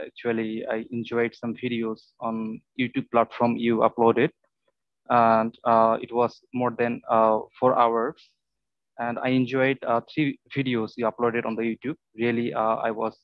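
A man's voice: medium pitch, dry recording. Hesitant man on a muffled line. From Bangladesh. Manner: hesitant, many uh pauses. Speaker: student. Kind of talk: casual online class chat. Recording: muffled call line with interference.

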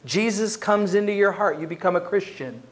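A man with a high-pitched voice preaches a sermon as a pastor in a church, speaking at normal speed. He addresses the congregation conversationally and acts out quoted voices.

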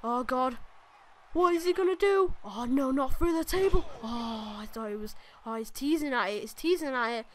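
A woman with a high voice gives let's-play commentary on a wrestling game. She is excitable, groaning and shouting at each move and swearing at her opponent. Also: normal speed, a little hiss or hum. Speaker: gaming channel host.

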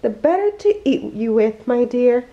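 A woman's voice: on the high side, very animated, unhurried. A woman reading the part of a sly, wicked male wolf in a storybook, coaxing and falsely sweet, on a dull lo-fi recording. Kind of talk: storybook read-aloud.

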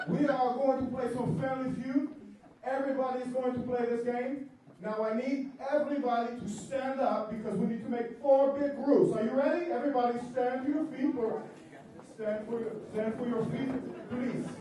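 A man putting on a Cuban accent as a loud, joking game-show host, hamming it up and mixing in Spanish. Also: extremely high pitch, fairly even intonation, normal speed, a little hiss or hum. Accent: put-on Cuban. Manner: hammy, shouting to the room, mixing in Spanish. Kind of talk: comic party hosting. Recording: echoey hall from far off, faint crowd.

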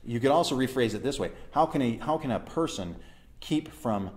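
A man's voice: mid-range voice, lively intonation, moderate pace, a little mellow. A man leading a church Bible study. He reads verses aloud, explains them and asks his listeners questions.

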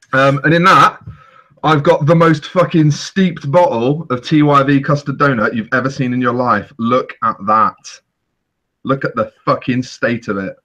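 Give me a man co-hosting a chatty podcast, swearing casually in a relaxed, teasing way. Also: medium pitch, slow, long pauses. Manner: sweary, laid-back teasing. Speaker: podcast host. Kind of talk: casual banter.

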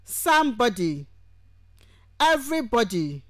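This high-leaning, very animated woman is a university lecturer presenting a radio lecture on grammar from a studio. Going slowly and deliberately, she lists examples one by one, a word at a time. There is no room sound.

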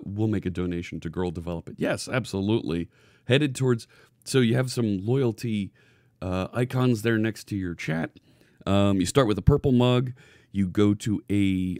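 A man's voice: fairly low pitch, no room sound. A man hosting a live coding stream, talking casually from his green-screen studio. He greets viewers in the chat by name and often restarts his phrases. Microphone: hidden desk microphone.

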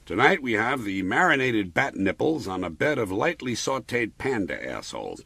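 Gravelly, sardonic stand-up comedian man. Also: mid-range voice, very animated, moderate pace, bright, forceful tone, no echo. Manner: sardonic and crude.

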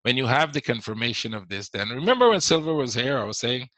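A man's voice: medium pitch, expressive, a little fast, few pauses, fairly bright tone, no echo, low-quality recording. A man teaching a live trading webinar, repeating his points and answering viewers as he goes. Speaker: forex trading instructor.

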